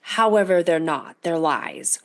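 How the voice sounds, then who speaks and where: Woman, forties, interview guest, earnest, animated storyteller. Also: on the low side, measured pace. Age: 40s. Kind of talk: interview conversation.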